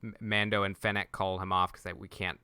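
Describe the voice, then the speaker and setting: A man's voice: low-pitched, level tone, pushed and bright, clear, resonant tone, no echo. A man co-hosting a podcast, recapping scenes in casual chat and often restarting his sentences. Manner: recapping scenes at length with quick self-restarts. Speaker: podcast co-host.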